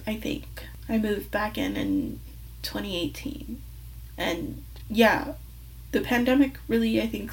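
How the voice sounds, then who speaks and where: A woman's voice: medium pitch, distant mic, rough recording. A young woman hosting a personal podcast, telling a story candidly and profanely, rambling and correcting herself, sometimes drifting off the mic. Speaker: podcast host.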